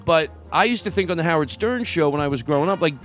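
A loud, joking man hosts a loose, riffing show, his voice pitched high and swinging all over as he talks. A live band plays clearly behind him in the room. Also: lively intonation, quick pace. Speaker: podcast host. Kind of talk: loose comedic banter. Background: live band music.

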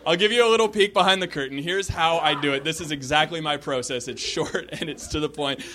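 A man performing a stand-up set on a comedy club stage, telling a quick, wry story. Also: a little high. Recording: live club recording, crowd noise.

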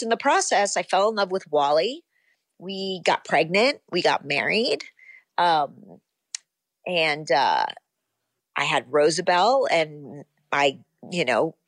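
A woman in her fifties, an actress being interviewed, recalling her past in a relaxed, rambling way full of ums and you-knows. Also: lowish voice, no room sound. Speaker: actress guest. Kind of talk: casual interview.

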